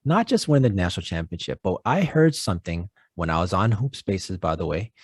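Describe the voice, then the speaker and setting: A man co-hosting a sports podcast in casual chat, relaxed and affirming, with many "uh"s and "um"s. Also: deep voice, a little fast, husky, dry recording, studio quality. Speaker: podcast co-host.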